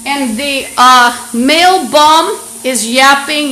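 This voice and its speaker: Woman, high pitch, agitated, rambling, restarts often, phone mic, home, faint fan noise. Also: animated, measured pace, sharp tone, low-quality recording. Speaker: livestreamer. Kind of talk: rambling live-stream monologue. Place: apartment indoors. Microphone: phone camera app. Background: fan and running water.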